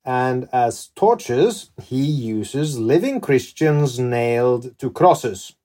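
Slow, dark-voiced male podcast host. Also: mid-range voice, lively intonation. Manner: slow, measured, deliberate delivery. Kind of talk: scripted interview questions.

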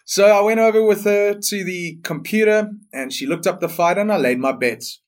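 A man's voice: high voice, normal speed. A young man hosting a solo sports podcast, blunt, profane and opinionated. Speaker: podcast host.

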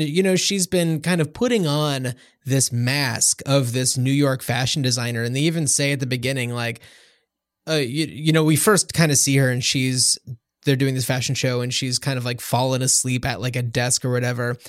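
This man co-hosts a podcast and chats about a film in a rambling way, restarting often and using lots of fillers. His mid-range voice keeps fairly even intonation at a normal speed, captured with studio quality and no room sound.

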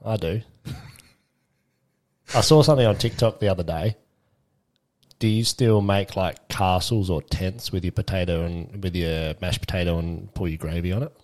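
A man's voice: sits low, normal speed, long pauses, darkish tone. A man co-hosting a podcast, joking playfully and swearing freely. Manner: crude, playful, jokey with swearing. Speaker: podcast co-host. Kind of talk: casual banter. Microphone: podcast microphone.

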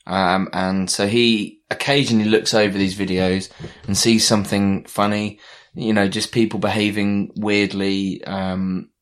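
A man's voice: fairly low pitch, flat delivery, measured pace, hardly any pauses. A young man chatting casually, telling a long story with many fillers and restarts. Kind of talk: casual chat.

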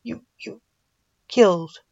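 A man's voice: sits high, slow, lo-fi sound, voice pushed up. A woman voicing a stammering, weeping father. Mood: tearful. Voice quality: tear-choked, stammering. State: crying. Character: grieving father, a grown man, breaking down.

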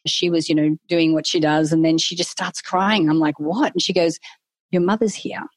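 A woman's voice: low voice, little pitch movement, fairly quick, no room sound. A middle-aged woman, a guest telling a candid personal story in a casual interview and acting out her own inner voice.

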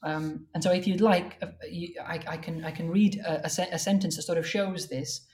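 In what sounds like an academic conversation, a woman with a somewhat low, darkish, steady voice discusses the craft of translating old verse. She explains things carefully and thoroughly, slowing right down to read lines of poetry aloud with deliberation.

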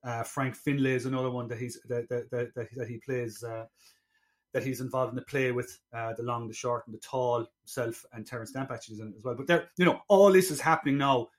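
A man with a mid-range voice co-hosts a relaxed podcast. He is chatty and laughs easily. He often circles back and restarts his thoughts. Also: medium pitch, brisk. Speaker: podcast co-host. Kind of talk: casual chat.

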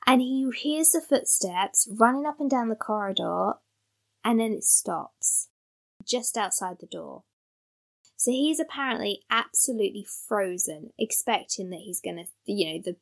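Female podcast co-host, gravelly, lively casual storyteller. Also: mid-range voice, unhurried. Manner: animated storyteller, laughs mid-sentence, acts out voices.

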